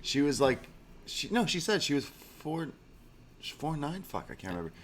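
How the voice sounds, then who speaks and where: A man's voice: a little high, very animated, moderate pace, a little hiss or hum. A man co-hosting a podcast, telling rambling stories in a casual chat, swearing and laughing as he goes. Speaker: podcast co-host.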